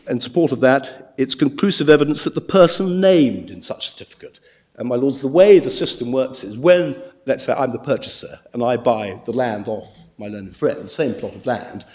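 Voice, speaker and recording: A man speaks as a barrister before the bench in a courtroom. His delivery is formal and deliberate, with frequent repeated words as he restarts his phrases. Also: medium pitch, darkish tone. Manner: measured, with frequent stammered restarts. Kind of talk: formal legal submissions.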